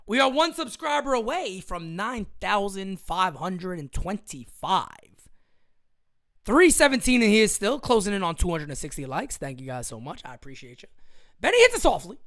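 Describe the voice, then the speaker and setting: A young man hosting a fan livestream of a live game, excitable and loud, swearing freely and laughing often. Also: high voice, moderate pace. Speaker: livestream host.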